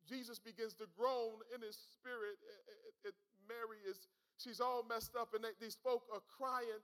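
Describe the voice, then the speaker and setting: A man preaching a sermon, swinging from quiet storytelling to shouted call-and-response. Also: high voice, normal speed.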